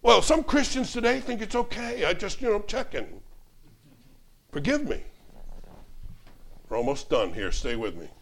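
A man preaching a sermon, telling humorous stories in an animated, joking way. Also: high-pitched, a little slow, creaky, long pauses. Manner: animated, joking, varies loudness a lot. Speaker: traveling preacher.

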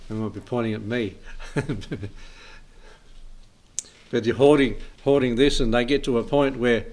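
A man's voice: mid-range voice, fairly even intonation, normal speed, a little mellow, slight background noise. A man leading an informal Bible study, rambling, chuckling often and reading scripture aloud.

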